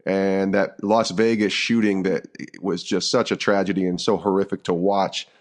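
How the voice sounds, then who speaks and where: A man's voice: low-pitched, level tone, normal speed. A man hosting an interview, asking long questions with restarts. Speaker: podcast host.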